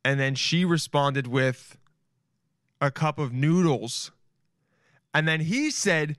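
Animated young man riffing on his podcast. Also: a little high, takes it slowly, pauses often, no room sound, studio quality. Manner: animated, laughing, slangy, keeps saying "dude". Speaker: podcast host. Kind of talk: casual solo podcast riff.

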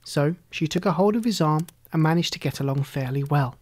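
A calm, measured storyteller reading aloud from a storybook. The voice sits at a middle pitch and moves along steadily, unhurried and plain. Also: no echo. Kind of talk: storybook narration.

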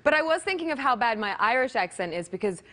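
A woman's voice: fairly high pitch, sing-song, fast, fairly bright tone. A woman in her thirties, a guest on a late-night talk show, telling a story with lots of giggles.

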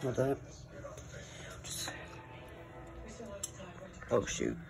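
A woman's voice: rumbling low, very animated, extremely slow, vocal fry, whispered, music in the background, poor audio. A woman vlogging casually, chatting and coaxing her dogs at home and then out on a walk. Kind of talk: casual vlog chat.

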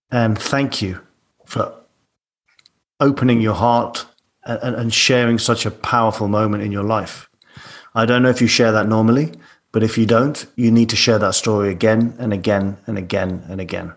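A male host speaking to his guest in an earnest, appreciative way. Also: lowish voice. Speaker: podcast host. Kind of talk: interview conversation.

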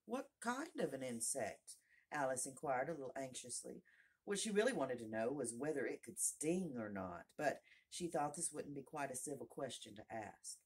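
Expressive low husky woman reading a storybook. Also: normal speed. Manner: expressive, voices each character. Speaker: narrator, audiobook reader. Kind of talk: storybook read-aloud.

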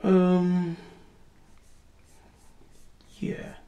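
A woman's voice: on the low side, completely flat delivery, extremely slow, warm tone, muffled recording. A woman giving a spiritual teaching, asking rhetorical questions and answering them herself with emphatic repetition.

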